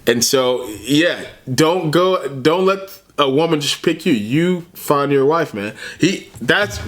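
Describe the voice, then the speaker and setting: A man's voice: fairly high pitch, expressive, takes it slowly, few pauses, fairly bright tone, slight background noise. Laughing, chatty man reacting to a video. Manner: chatty, laughs often, calls listener man and bro. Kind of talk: casual commentary.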